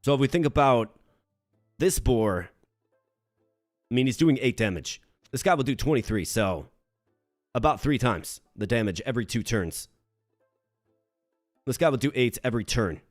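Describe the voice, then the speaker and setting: Minnesota guy streaming, mid pitched voice, gets loud and bouncy thanking chat then mutters low over his moves. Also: normal speed, long pauses, dry recording, studio quality, faint music behind. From Minnesota, United States. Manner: animated when greeting chat, low and muttering while planning moves. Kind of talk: live-streamed game commentary.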